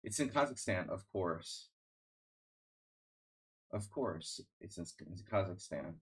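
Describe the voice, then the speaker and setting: Low-pitched and slow, yet with lively intonation, this man chats casually during a chess stream. His rambling remarks are sardonic and riddled with restarts and fillers.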